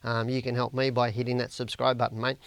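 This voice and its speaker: A man's voice: medium pitch, level tone, fast talker, clean tone, dry recording. An Australian man hosting a share trading podcast, talking casually through stock charts and viewer questions, blunt and repetitive for emphasis. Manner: chatty and blunt, repeats words for emphasis.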